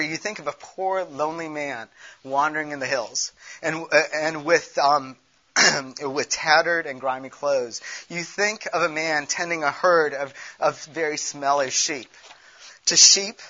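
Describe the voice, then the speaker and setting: A man preaches in an earnest, conversational way and keeps asking his listeners questions. His voice sits a little high and sounds bright and forward. The recording is dull and a bit muffled. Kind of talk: sermon.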